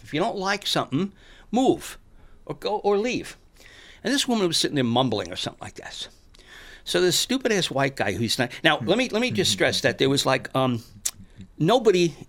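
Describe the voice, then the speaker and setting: An older man casually telling animated stories, acting out the voices of the people in them. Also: fairly high pitch. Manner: animated, acts out shouted quotes. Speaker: storyteller guest. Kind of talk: casual storytelling chat.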